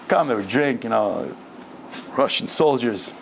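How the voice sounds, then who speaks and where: A man as a rabbi giving an animated religious lesson, mixing scripture with casual slang, in a synagogue basement. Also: mid-range voice, a little slow, gravelly, a little hiss or hum. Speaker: rabbi teaching a weekly class. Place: synagogue basement room, indoors.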